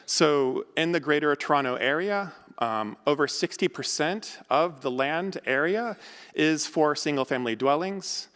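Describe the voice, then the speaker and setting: A man from the United States, an architect and academic, gives a conference lecture quickly, with plenty of ums and uhs. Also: fairly high pitch, animated, fairly bright tone, smooth, long reverb tail. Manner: quick, loose delivery with frequent ums and uhs.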